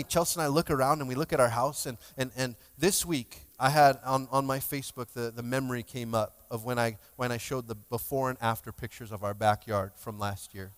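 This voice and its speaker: In a church sanctuary with long hall reverb, a male pastor with a clear, resonant mid-range voice preaches. His sermon is conversational and emotional, and he jokes with his congregation.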